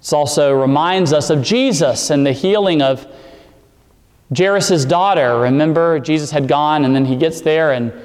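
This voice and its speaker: Male pastor, a bit high-pitched, preaching in an echoing hall; builds emphasis. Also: normal speed, a little mellow. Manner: expository preaching, rising emphasis on key words. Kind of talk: sermon.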